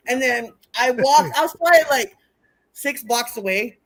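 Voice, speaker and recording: Woman guest on a wrestling chat, bright voice, swears a lot, acts out every bit of the story. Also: fairly high pitch, fast. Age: older. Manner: animated and profane, acting out scenes. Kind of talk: casual storytelling.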